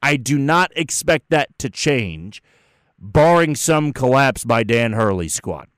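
A man's voice: mid-range voice, animated, takes it slowly, a bit bright, no echo, studio quality. A man hosting a solo sports show, breaking down a tournament bracket in an opinionated, chatty way. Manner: opinionated, chatty, restarts and fillers. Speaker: sports podcast host.

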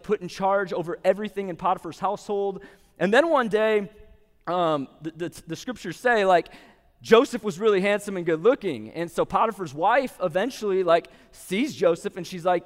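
A man's voice: high-pitched, big-room sound. A man giving a casual, conversational sermon, retelling a story and acting out the quotes. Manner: conversational, lots of "like", acts out quotes. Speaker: preacher. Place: venue with a live audience.

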